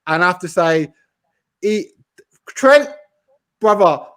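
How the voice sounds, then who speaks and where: A man's voice: high voice, slow pace, clean tone. A man, a football fan panelist talking in slangy, heated chat. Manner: slangy, animated, talks over others.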